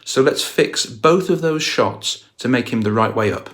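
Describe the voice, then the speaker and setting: Male explainer host, analytical storytelling delivery, average pitch. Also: animated, moderate pace, fairly bright tone. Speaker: guitar channel host. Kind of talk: video explainer narration.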